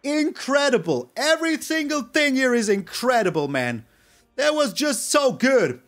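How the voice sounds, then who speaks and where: A man giving excitable, animated live commentary over his own card game, now and then breaking into loud shouts. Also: very high-pitched, unhurried. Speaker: gaming YouTuber.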